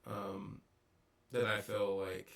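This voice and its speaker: A man vlogging a casual, reflective monologue, pausing often with ums and restarts, recorded on a distant mic with poor audio. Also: lowish voice, sing-song, vocal fry, fairly bright tone. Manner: halting, many ums and restarts.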